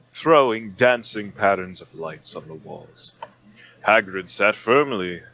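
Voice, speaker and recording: Deep slow man narrating fan fiction deadpan. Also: poor audio.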